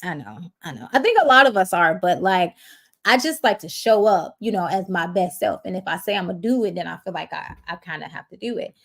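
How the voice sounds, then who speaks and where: A woman's voice: fairly low pitch, animated, fairly quick, vocal fry, fairly bright tone. A woman chatting casually on her livestream, slangy and full of fillers, talking straight to her viewers. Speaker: YouTuber hosting a livestream.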